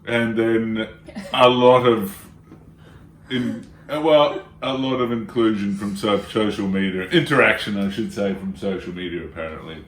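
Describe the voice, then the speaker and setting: A man's voice: lowish voice, measured pace. A man, chatting casually with his partner and laughing as he tells a story. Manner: laughing, storytelling with acted quotes. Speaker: vlogger, co-host with partner. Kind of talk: casual couple chat. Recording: echoey room, a bit far from mic, faint noise.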